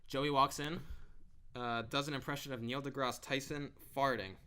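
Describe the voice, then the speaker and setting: A man's voice: mid-range voice, steady tone, moderate pace, bright, forceful tone, smooth. A young man co-hosting a podcast, recapping an episode from his notes in a dry, sarcastic, casual way. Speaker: podcast co-host.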